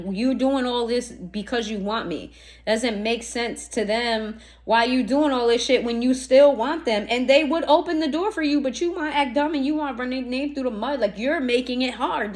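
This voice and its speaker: This tarot reader talks fairly quickly in a fairly high voice, barely pausing at all. Her casual reading is full of slang and swearing, and she keeps throwing blunt rhetorical questions at whoever's listening.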